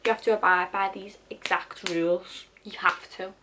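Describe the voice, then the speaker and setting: A young book vlogger chats casually about the books she hasn't read yet, tossing in dramatic asides and offhand swearing. Her mid-range voice stays steady and moves at a normal speed, sounding pushed and bright, with slight background noise in the recording.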